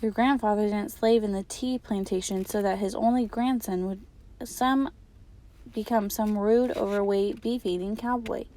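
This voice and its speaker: A woman's voice: medium pitch, fairly even intonation, moderate pace, mellow, natural voice. A woman reading as a stern old grandmother. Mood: scolding. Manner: scolding. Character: stern proud elderly grandmother.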